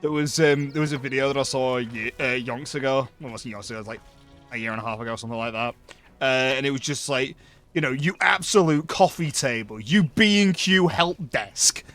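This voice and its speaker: A man's voice: medium pitch, fairly even intonation, quick pace, fairly bright tone, soft background music. A man chatting casually while streaming a game, rambling with lots of ums and asides.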